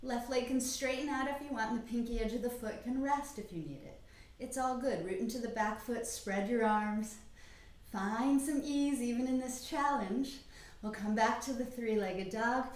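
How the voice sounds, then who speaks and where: A middle-aged woman with a fairly high voice teaches a yoga class, giving calm, encouraging instructions. She breathes softly through the exhales and sounds slightly winded from moving, and her voice rings in a very echoey room.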